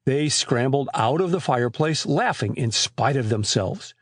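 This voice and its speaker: A man narrating an audiobook with expressive, scripted storytelling on a close mic. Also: mid-range voice, normal speed, no echo.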